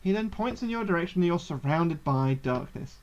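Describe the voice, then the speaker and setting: A woman playing a game on a charity livestream, reading it aloud and reacting loudly with exclamations and swearing, on dull lo-fi stream audio. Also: lowish voice, lively intonation, brisk, a little hiss or hum.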